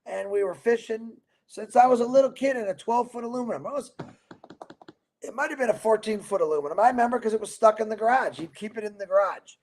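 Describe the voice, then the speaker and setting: A man with a strikingly high voice hosts a livestream, talking straight to his viewers. He rambles from story to story and preaches hard about chasing your dreams, full of energy and restarts. He grew up in Michigan. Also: fast talker, darkish tone. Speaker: livestream host. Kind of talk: motivational livestream talk.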